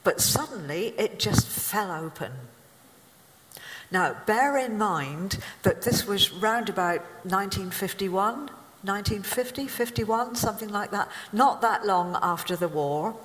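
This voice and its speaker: A woman in her seventies delivers a sermon at an unhurried pace, mixing teaching with humorous asides. Her mid-pitched voice rings out in a church with a long, trailing reverb. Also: lively intonation. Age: 70s. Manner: warm, humorous storytelling with asides. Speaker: preacher.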